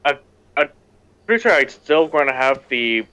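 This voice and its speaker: A man's voice: medium pitch, sing-song, moderate pace, pushed and bright, clear, resonant tone. A man chatting casually with a friend over voice chat during a game, a bit hesitant.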